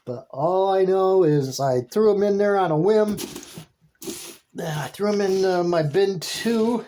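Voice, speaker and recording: A man narrating a casual vlog while checking his worm bin. He talks in a halting, rambling way, restarting his sentences and laughing softly as he goes. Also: high voice. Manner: easily delighted, with soft laughs. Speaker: worm-composting vlogger.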